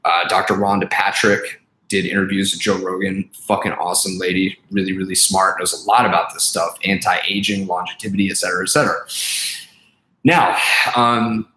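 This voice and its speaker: A young man with a lowish voice rants to camera in a blunt, profane way, leaning on fillers like "you know" and "man". He sounds exasperated and heated. The room around him is echoey. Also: fairly even intonation, normal speed, pushed and bright. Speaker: vlogger and life coach. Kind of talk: casual ranting monologue.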